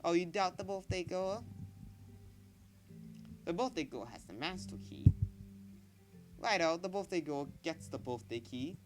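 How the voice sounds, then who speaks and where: A man's voice: a little high, expressive, a little slow, long pauses, music in the background, voice pushed up. A man voicing a peppy, confident young female hedgehog heroine in a video game, perky and sassy.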